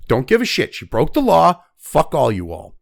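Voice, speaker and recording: Profane, ranting man with lively pitch. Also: normal speed, gravelly, no echo, clean studio sound. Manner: angry, heavily profane, blunt; reads news excerpts aloud between rants. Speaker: news commentator. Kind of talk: profane ranting news commentary.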